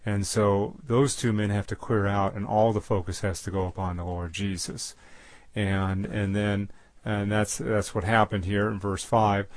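A man giving a Bible teaching, halting often with fillers and restarts. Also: on the low side, level tone, dry recording. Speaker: preacher.

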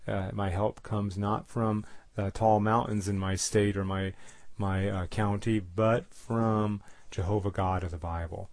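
A man's voice: fairly low pitch, steady tone, a little slow, darkish tone, no room sound. A man preaching a bible study sermon, reading verses aloud with stressed words and adding plain explanations with fillers.

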